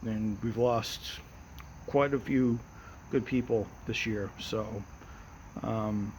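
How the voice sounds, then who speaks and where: Relaxed rambling American man outdoors. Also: lowish voice, slight background noise, low-quality recording. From United States. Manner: rambling and repetitive, frequent restarts; relaxed and unhurried. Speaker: host of his own daily audio show. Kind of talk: casual personal monologue. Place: outdoors at night.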